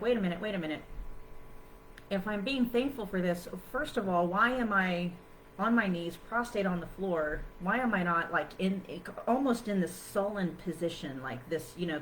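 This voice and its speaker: Chatty low-voiced woman teaching self-help. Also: fairly bright tone, slight background noise, low-quality recording. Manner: chatty, loose, full of "you know" and "like"; acts out her own past thoughts in quoted asides. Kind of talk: casual teaching talk to viewers.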